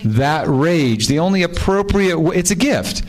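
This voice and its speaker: A man's voice: fairly high pitch, expressive, measured pace, a little mellow. A man, an author on a panel, telling stories and reading letters aloud in a wry, amused way, often laughing and rambling with restarts.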